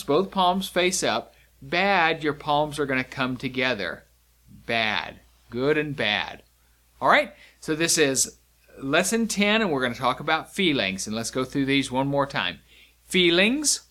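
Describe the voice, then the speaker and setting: Slow, expressive male sign language teacher. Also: medium pitch. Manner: slow and clear, repeating each word with expressive emphasis. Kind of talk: slow, deliberate instructional lesson.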